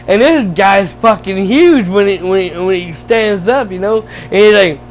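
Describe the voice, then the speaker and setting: A man casually retelling a movie, excited and laughing, with lots of stumbling restarts and swearing. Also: high voice, unhurried, a little hiss or hum, low-quality recording. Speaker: gaming channel host reviewing a movie. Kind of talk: casual rambling movie recap.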